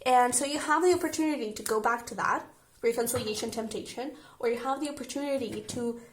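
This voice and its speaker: A woman's voice: a little high, fast talker, slight background noise. A young woman reading tarot cards in a casual, chatty, emotional way, often checking in with her listeners. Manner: chatty and emotional, frequent "I feel like" and "okay?". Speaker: tarot reader.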